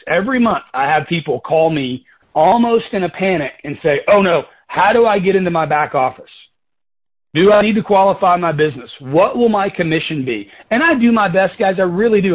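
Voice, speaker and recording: A man leading a coaching talk for his sales team on a conference call, casual and conversational, often calling them "guys" and wandering into side stories. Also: on the high side. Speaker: sales team leader and mentor. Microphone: telephone. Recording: tinny phone-line conference call.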